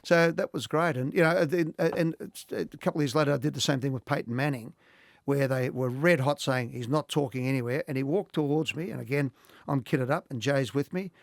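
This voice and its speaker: A middle-aged Australian man, a podcast guest, telling animated anecdotes in casual talk and laughing often. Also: medium pitch, brisk, creaky, no echo, studio quality. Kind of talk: casual storytelling.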